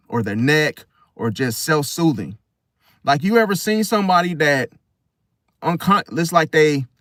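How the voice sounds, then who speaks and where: A man hosting a casual astrology talk, animated and slangy, often acting out other people in high voices. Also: no echo, studio quality. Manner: slangy, addresses listener as bro. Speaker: astrology video host. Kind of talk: casual spoken monologue.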